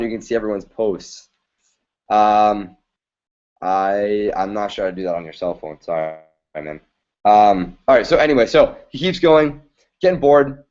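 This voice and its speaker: A man's voice: fairly low pitch, a little mellow. Stream host, man, chatty storyteller, muffled lo-fi sound. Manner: chatty, keeps checking in with listeners with "right?". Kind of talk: casual storytelling. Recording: dull lo-fi stream audio.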